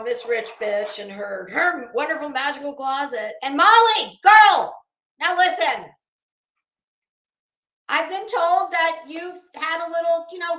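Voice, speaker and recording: A high, bright-voiced woman talks slowly in a sassy, chatty commentary style, calling people out directly. The sound is roomy and echoey. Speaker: commentary streamer. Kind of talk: casual commentary chat.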